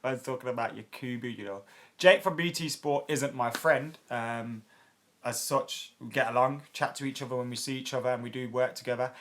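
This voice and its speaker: With a medium, fairly bright voice at normal speed, a man in his late twenties responds to viewers on his football fan channel. The tone is chatty and blunt, packed with fillers and some cursing. There's slight hiss or hum on the audio.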